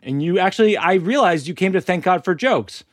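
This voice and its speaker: A man's voice: high-pitched, expressive, fairly quick. A man hosting a podcast interview, talking casually with frequent laughs and stammered restarts. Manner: self-deprecating, laughing often, stammering restarts. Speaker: podcast host.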